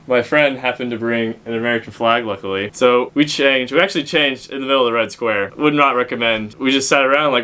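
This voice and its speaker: Bright-voiced young man telling jokey stories. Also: medium pitch. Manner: joking, laughs at own stories. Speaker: vlogger, cadet. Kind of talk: casual storytelling vlog.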